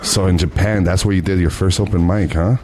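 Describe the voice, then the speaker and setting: A laid-back male host with a very low voice, chatting casually over a faint hiss of noise. He talks loosely and tosses out slang. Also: steady tone, fairly quick, darkish tone. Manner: laid-back, says dude and bro. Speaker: podcast host. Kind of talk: casual podcast chat.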